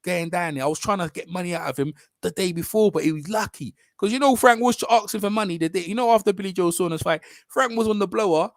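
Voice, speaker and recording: A man rants through casual boxing commentary in a voice pitched somewhat high for a man. He mocks and loops back over his points in quick asides. The sound is dry and close to the mic. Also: no room sound. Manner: animated, mocking, repeats himself, drifts into quick asides.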